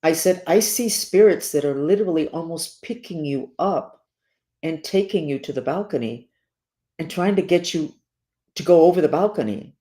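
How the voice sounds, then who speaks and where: A woman speaking as a spiritual teacher in a monologue to her listeners. She talks earnestly and urgently, repeats herself and slows down to stress key words. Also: deep voice, lively intonation, dark tone.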